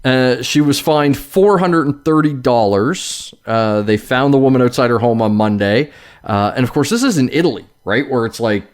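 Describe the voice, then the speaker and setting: Man, podcast host, animated delivery, casual swearing, chatty. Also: medium pitch, moderate pace. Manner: swears casually, lively storytelling. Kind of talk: casual chat.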